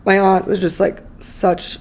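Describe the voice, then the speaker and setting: A woman's voice: mid-range voice, flat delivery, a little slow, darkish tone, a little hiss or hum. A woman in her thirties, a podcast guest, telling a personal story candidly in a chatty, emotional way full of fillers.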